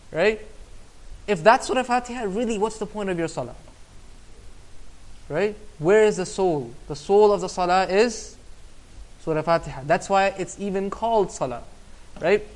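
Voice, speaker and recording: A man's voice: high-pitched, moderate pace. A man giving a casual Islamic class online, conversational and often asking "right?" to check in. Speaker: Islamic teacher.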